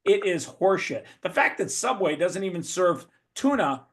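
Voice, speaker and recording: A man's voice: high-pitched, sing-song, normal speed. A man giving a blunt, profane motivational talk as a guest speaker over a video call.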